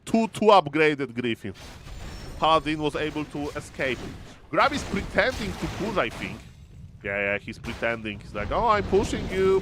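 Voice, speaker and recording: A man casting a strategy video game match, excitable and fond of repeating catchphrases to his audience. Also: on the high side, slight background noise. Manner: excitable, repeats catchphrases, addresses "ladies and gentlemen". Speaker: game caster. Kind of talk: excited esports commentary.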